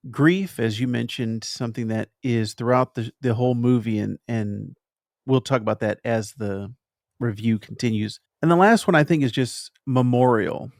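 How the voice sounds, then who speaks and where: A man hosting a podcast, chatting casually through a film review and pausing thoughtfully to find his words. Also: mid-range voice, vocal fry, dry recording, clean studio sound. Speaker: podcast host.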